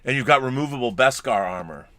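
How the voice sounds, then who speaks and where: Bright-voiced man rambling through a podcast. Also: medium pitch, animated, quick pace. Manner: rambling, restarts, reads letters aloud. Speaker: podcast co-host. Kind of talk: casual chat, reading viewer comments.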